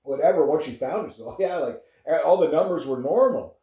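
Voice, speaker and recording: His voice is slightly high, mellow and animated, moving fairly quickly, and the audio sounds muffled. He's a Canadian vlogger in his fifties who rambles in a relaxed way to camera, often chuckling, recorded far from the mic in an echoey room.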